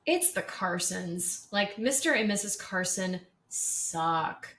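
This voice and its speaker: A woman's voice: fairly low pitch, animated, slow pace, fairly bright tone, a little hiss or hum. A woman co-hosting a podcast in casual chat, speaking frankly and bluntly. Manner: frank, blunt, swears for emphasis. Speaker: podcast co-host. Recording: roomy echo.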